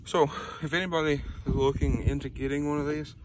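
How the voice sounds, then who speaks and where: Outdoors against background noise, a man with a fairly high, quick voice gives a casual review of his truck hitch. He's relaxed and rambling, dropping plenty of "um"s and "y'all"s.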